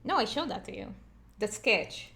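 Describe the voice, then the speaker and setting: A woman's voice: fairly high pitch, sing-song, normal speed, bright, forceful tone. A young woman hosting a casual livestream, chatting about her animation work in a chatty, self-deprecating way. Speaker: streamer and animator.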